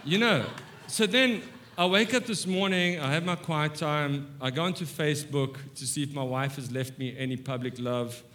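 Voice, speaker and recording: A man in his fifties delivers a sermon full of stories and jokes at his own expense, dropping to soft asides and then climbing into excited, high bursts. His voice sits a little higher than most men's. Faint room noise hums behind him. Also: moderate pace. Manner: animated and self-mocking, swings between soft asides and excited high bursts. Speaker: guest preacher. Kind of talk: humorous sermon with storytelling. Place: church sanctuary.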